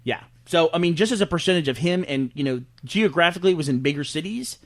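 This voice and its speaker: Podcast co-host, male, quick and chatty, animated storyteller. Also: fairly high pitch. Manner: animated storyteller, breaks down numbers. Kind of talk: casual chat.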